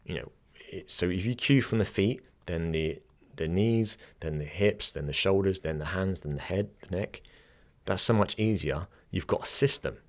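Low-voiced man giving teaching tips. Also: normal speed. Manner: informal, direct, chatty asides. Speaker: yoga teacher. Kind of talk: instructional talk.

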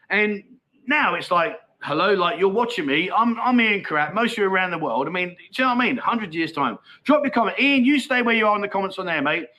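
A man in his middle years hosts a loose livestream, his voice sitting high and sounding bright and forward. He talks in a matey, easygoing way, laughs often and reads viewer comments aloud as he goes. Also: low-quality recording. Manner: chatty, matey, laughs easily. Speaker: livestream host. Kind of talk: casual livestream chat reading comments. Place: Pattaya, outdoors.

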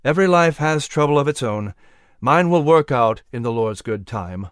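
A man voicing a cheerful, talkative young fiddler in a storybook reading, hearty and animated. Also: medium pitch, moderate pace, clean tone, no echo, clean studio sound, natural voice.

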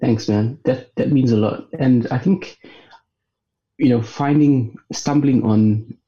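A man with a Yorkshire accent, a guest in a casual interview, relaxed and filling his speech with "you know". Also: medium pitch, slow pace, highs cut off.

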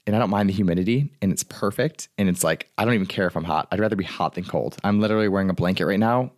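A man's voice: on the low side, no echo, clean studio sound. A young man, a life coach, talking casually and rambling with lots of fillers from his apartment. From United States. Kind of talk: casual solo talk.

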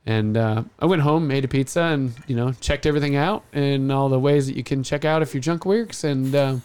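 A man in his thirties telling a long story on a casual podcast, acting out the other people's lines loudly. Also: mid-range voice, fairly quick, clean tone. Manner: animated storyteller, acts out quotes loudly. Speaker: podcast host.

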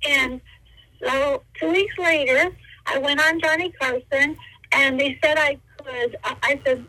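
A woman in her sixties telling stories as an interview guest by phone, animated and quick to slip into voices. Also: high-pitched, poor audio. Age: 60s. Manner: animated, slips into voices and quotes. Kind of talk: interview storytelling.

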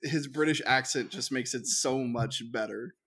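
A man co-hosting a casual movie podcast, relaxed, laughing as he tells a scene. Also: mid-range voice, moderate pace, no echo, clean studio sound. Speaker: podcast co-host. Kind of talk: casual chat.

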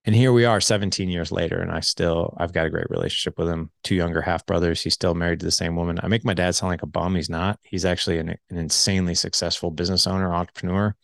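A man's voice: sits low, fairly even intonation, fast, vocal fry, few pauses, no room sound, studio quality. A man in his forties candidly telling his life story in casual conversation, full of "like" fillers. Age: 40s. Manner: candid, heavy use of filler "like".

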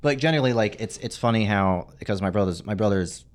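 A man's voice: lowish voice, expressive, fast. A man co-hosting a podcast, chatting casually and reflectively, rambling a little and laughing often. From Arizona. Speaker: podcast co-host. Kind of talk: casual chat.

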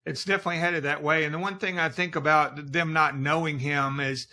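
A man's voice: on the high side, steady tone, a little fast, sharp tone. A man who is a guest on a Bible study podcast, explaining passages in an earnest way.

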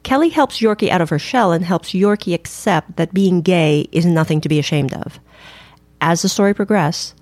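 A woman's voice: lowish voice, darkish tone, no echo. A woman co-hosting a casual chat with her wife, goofy and giggly, in a punchy mood. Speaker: podcast co-host.

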